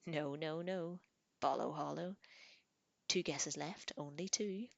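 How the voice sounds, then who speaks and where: A woman voicing a small, sly, greedy male troll who giggles, repeats words in a sing-song way and talks in a breathy, whispery voice, as in an audiobook reading. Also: low-pitched, slow, no echo, exaggerated voice. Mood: gloating.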